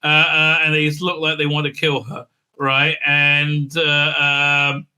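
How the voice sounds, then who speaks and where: A man's voice: fairly high pitch, monotone, slow pace, bright, forceful tone, clear, resonant tone. A man giving a casual, sarcastic recap and review in a rambling way, with many filler sounds. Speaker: video reviewer.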